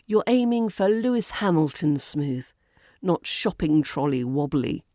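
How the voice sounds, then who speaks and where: Slow, careful British accent coach woman. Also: low voice, animated, mellow, no echo, clean studio sound. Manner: slow, careful modelling of words. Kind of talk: podcast pronunciation lesson.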